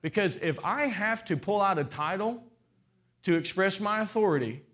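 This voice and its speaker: Lively preaching man in his forties. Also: moderate pace. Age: 40s. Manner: call-and-response preaching, rhetorical questions; lively swings in pitch and loudness, playful asides. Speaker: pastor. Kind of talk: sermon.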